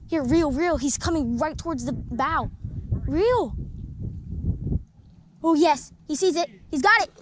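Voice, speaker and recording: A young woman fishing from a paddleboard, talking excitedly and coaching someone else as she goes. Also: sits high, measured pace, pauses often. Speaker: angler. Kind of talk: excited live fishing talk. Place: outdoors on a paddleboard. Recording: outdoor noise.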